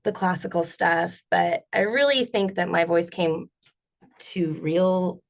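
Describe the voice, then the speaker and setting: A woman singer and bassist chatting in an interview, rambling with lots of fillers. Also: takes it slowly, gravelly. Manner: rambling, many fillers, laughs often. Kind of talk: casual interview chat.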